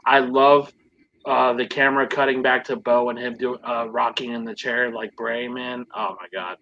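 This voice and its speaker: A man's voice: medium pitch, flat delivery, normal speed, gravelly, lo-fi sound. A man co-hosting a podcast, giving emphatic and enthusiastic opinions in casual chat. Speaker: podcast co-host.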